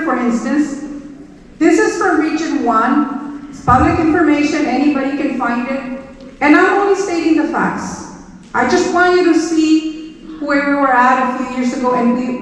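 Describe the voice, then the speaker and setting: A middle-aged woman, a school superintendent giving a speech to staff in a large auditorium, emphatic and repeating her key points to the audience. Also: sits high. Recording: echoey auditorium, voice from far off.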